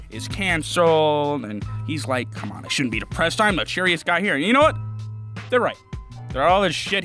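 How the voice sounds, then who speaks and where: Animated young man ranting about a show. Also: on the high side. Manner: rambling, swears a lot, laughs often. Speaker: anime reviewer. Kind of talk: casual profane reaction commentary. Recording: faint music behind.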